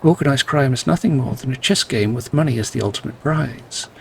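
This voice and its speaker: A man's voice: mid-range voice, fairly quick, vocal fry, slight background noise. A man playing a video game, reading the characters' lines aloud and adding dry, wry asides. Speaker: gameplay narrator.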